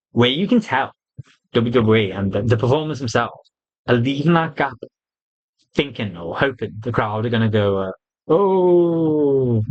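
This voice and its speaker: A man's voice: medium pitch, poor audio. A man giving a blunt, casual, opinionated wrestling review, swearing freely and acting out quotes. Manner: blunt, sweary, animated retelling with quoted voices.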